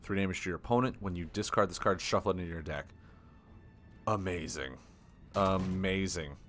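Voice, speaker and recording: A man streaming a card game live, thinking aloud with excitable, self-deprecating commentary. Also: deep voice, moderate pace, faint music behind.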